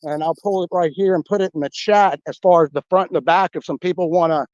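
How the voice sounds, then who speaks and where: A man with a Southern US drawl chats easily as a podcast co-host, with a voice pitched a little high. The sound is dry and somewhat dull and lo-fi, like call audio. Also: fairly even intonation, quick pace, a little mellow, no echo. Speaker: podcast co-host running puzzles. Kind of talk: casual chat.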